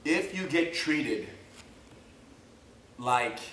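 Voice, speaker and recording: A man's voice: on the high side, lively intonation, drawn-out words, fairly bright tone, a little hiss or hum. Brief: male co-host instructor, patient explainer, heard from a distance with room echo. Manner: explanatory, builds points step by step. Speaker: jiu-jitsu instructor, co-host. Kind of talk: casual instructional chat. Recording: echoey room, mic at a distance.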